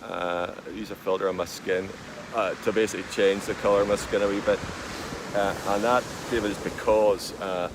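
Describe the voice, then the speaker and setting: An Irish man in a deadpan comic monologue, talking slowly with many drawn-out fillers, recorded outdoors with wind noise behind him. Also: on the low side. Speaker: vlogger.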